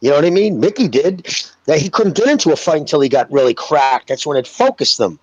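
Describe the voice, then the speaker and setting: Profane, animated man on a dull dry mic. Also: on the high side, fast talker, a little hiss or hum. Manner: blunt, profane, animated storytelling. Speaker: podcast co-host, former fighter. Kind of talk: casual podcast chat.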